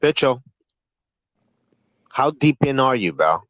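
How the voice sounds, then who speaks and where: A man's voice: mid-range voice, sing-song, slow pace, a bit bright, no echo, poor audio. A man hosting a livestream panel, talking in a profane, taunting and combative way. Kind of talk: heated livestream panel chat.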